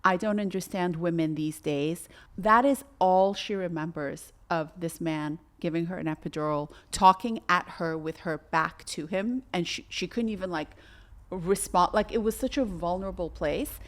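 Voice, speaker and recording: Middle-aged woman doula, casual podcast storyteller, lively, slips into the voices she quotes, a touch low in pitch. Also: normal speed. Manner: animated, acts out quoted voices.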